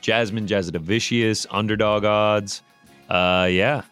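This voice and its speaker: A man's voice: lowish voice, steady tone, measured pace, fairly bright tone, clear, resonant tone, soft background music. A man co-hosting a casual sports-betting podcast, rambling along with fillers and restarts. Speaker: podcast co-host.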